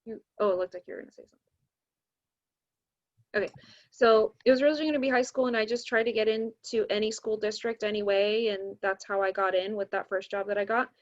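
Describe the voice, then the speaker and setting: A woman's voice: medium pitch, fast. A young woman, a math teacher, telling a story in casual podcast talk and acting out the voices of the people she quotes. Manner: animated, acts out quoted voices. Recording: dull lo-fi recording.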